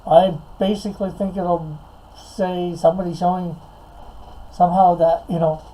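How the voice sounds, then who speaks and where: A man's voice: high voice, little pitch movement, moderate pace, warm tone, a little hiss or hum, low-quality recording. A man on a remote call in a casual live stream, reading out his story notes hesitantly and chatting. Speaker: comic writer.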